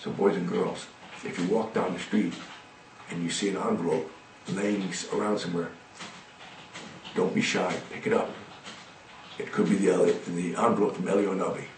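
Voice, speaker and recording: A man telling a children's story in an expressive, dramatic way. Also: deep voice, moderate pace, vocal fry, pauses often, echoey room, distant mic, a little hiss or hum, rough recording.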